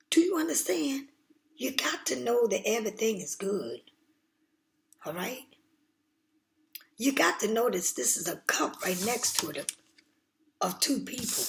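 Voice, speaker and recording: Gravelly blunt-talking woman tarot reader. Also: mid-range voice. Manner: blunt, streetwise, emphatic with swearing. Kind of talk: casual tarot reading.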